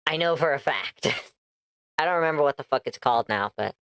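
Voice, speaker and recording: A woman's voice: rumbling low, animated, normal speed, a bit bright, a little hiss or hum. A woman streaming reaction commentary, blunt and sarcastic, swearing freely.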